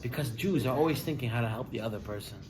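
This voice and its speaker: A man giving a sermon as a rabbi, telling stories with lively delivery and acting out the people in them. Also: medium pitch, fast, low-quality recording. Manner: animated storyteller, acts out characters' lines. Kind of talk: sermon with storytelling.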